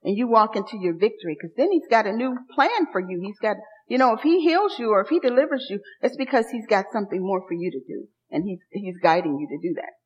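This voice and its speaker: A woman's voice: medium pitch, animated, fast, hardly any pauses, slightly rough. A woman preacher giving an emphatic, repetitive sermon and calling out to her congregation in a church. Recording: long hall reverb, dull lo-fi sound.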